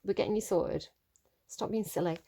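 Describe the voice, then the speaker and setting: A woman giving a casual spoken tarot reading, chatty and animated, with lots of fillers and mild swearing as she scolds the cards. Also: medium pitch, moderate pace, slightly rough. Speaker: tarot reader.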